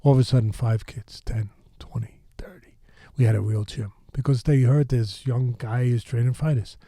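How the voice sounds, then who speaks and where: A man in his sixties from New York, a boxing trainer who is a podcast guest, telling animated stories with rambling asides. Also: medium pitch, brisk, no echo, clean studio sound. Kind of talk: animated storytelling.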